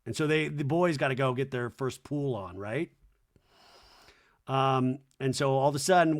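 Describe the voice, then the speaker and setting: A podcast host casually recaps a reality show at a moderate pace, keeping the tone joking. When quoting people, he often drops into low, mocking voices.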